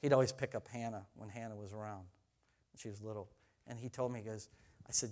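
A middle-aged man preaching a sermon, telling family stories in a conversational way, rising to loud exhortation and falling to soft, tender asides. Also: lowish voice, steady tone, fast talker. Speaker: pastor.

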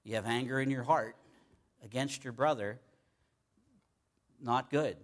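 A man's voice: mid-range voice, unhurried. Conversational man preaching a sermon. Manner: conversational, folksy, with many fillers and repeated words.

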